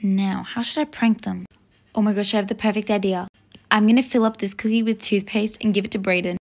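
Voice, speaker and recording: A woman's voice: mid-range voice, fairly even intonation, brisk, darkish tone, lightly acted. A woman voicing a bratty teenage older sister in a toy-game role-play. The sister sounds sulky and sarcastic. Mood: scheming. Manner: sulky, sarcastic and eye-rolling.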